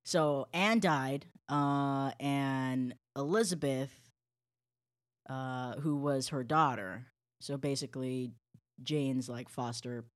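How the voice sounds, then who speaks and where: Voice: medium pitch, takes it slowly. A podcast co-host telling a story in casual chat, blunt and irreverent.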